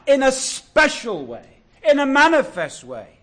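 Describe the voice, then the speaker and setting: A man preaching a sermon, earnest and exhortative, drawing out key words slowly. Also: very high-pitched, huge pitch swings, a bit bright. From England.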